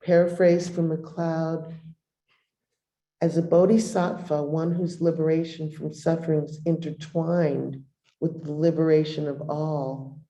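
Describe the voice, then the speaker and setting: A middle-aged woman, a meditation teacher, giving a dharma talk and softly guiding a meditation with long pauses. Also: low-pitched, little pitch movement. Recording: roomy echo.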